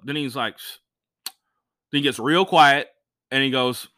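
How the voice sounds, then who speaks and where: A man, a stand-up comedian, telling a profane story in a casual, animated way and acting out what other people said. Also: a little high, unhurried, long pauses, dry recording, clean studio sound.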